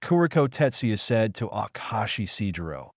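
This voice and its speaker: A man reading a translated web novel aloud as an audiobook narrator, keeping one voice through narration and dialogue with uneven pauses. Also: lowish voice, sing-song, dry recording, studio quality.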